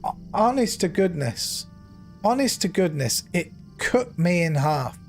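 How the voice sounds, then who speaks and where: High, animated man telling a story. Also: a little slow, creaky, soft background music. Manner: earnest, emotional, animated retelling with restarts. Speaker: game streamer. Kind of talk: casual storytelling while gaming.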